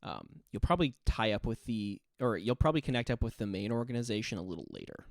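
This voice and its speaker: A man's voice: lowish voice, animated, fast talker, creaky, no room sound. Dry-sounding male game master. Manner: descriptive, loose narration with many fillers. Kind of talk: narrating a tabletop game.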